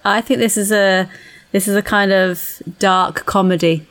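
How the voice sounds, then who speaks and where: A woman's voice: mid-range voice, fairly even intonation, unhurried, fairly bright tone. A woman, co-hosting a comedy podcast, adding playful supportive comments. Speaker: podcast co-host. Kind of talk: casual comedic banter.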